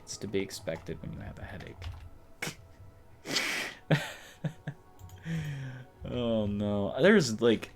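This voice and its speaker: A man live-streams an online game and talks to himself and his viewers as he plays. His voice sits on the low side, and he drifts from one chatty, low-key aside to the next. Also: very animated, unhurried, long pauses, over music. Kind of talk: casual rambling gameplay commentary.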